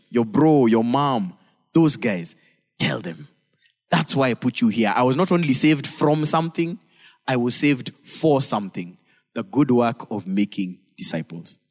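Emphatic preacher in a big hall. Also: male voice, darkish tone. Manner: emphatic preacher with sudden high dramatic swings. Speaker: pastor. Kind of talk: sermon. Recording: long reverb of a church hall.

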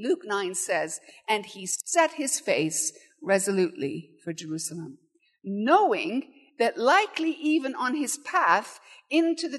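A woman preaching a sermon in a church, conversational and animated, acting out quoted voices. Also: medium pitch.

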